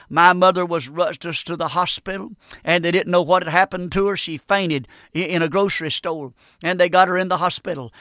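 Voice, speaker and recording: A man's voice: high-pitched, sharp tone, dry recording, studio quality. A middle-aged man, preaching a fervent radio sermon full of repeated phrases and calls of amen.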